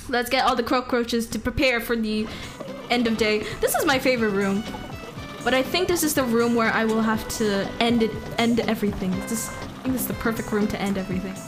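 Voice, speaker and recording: A high-pitched woman chats her way through a live game stream, giggly and playful, often breaking into excited yelps. Upbeat game music plays clearly underneath her voice. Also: a little fast.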